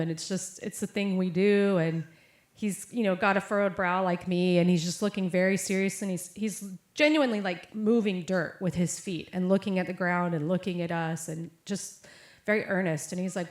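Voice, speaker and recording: A woman's voice: fairly low pitch, fairly even intonation, moderate pace. Young adult woman, chatty preacher with storytelling style; echoey hall. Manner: casual storytelling with many fillers and quoted voices. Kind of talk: sermon with personal story. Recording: echoey room.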